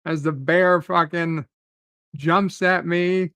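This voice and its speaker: A man's voice: fairly high pitch, steady tone, slow, pushed and bright, clean tone, dry recording. A man hosting a live stream, ranting in a rambling, profane way and answering chat comments.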